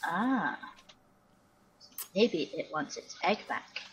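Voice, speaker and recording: A woman's voice: on the low side, lively intonation, drawn-out words, slight background noise, rough recording. A woman playing a tabletop game, eager and playful in casual chat. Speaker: player.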